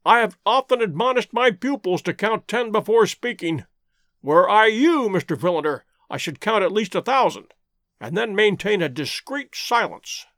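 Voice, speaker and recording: A man playing a pompous old professor in an adventure tale, lecturing in a pedantic, admonishing tone. The voice is high and sweeping, and dry in sound. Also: expressive, normal speed, fairly bright tone, dry recording.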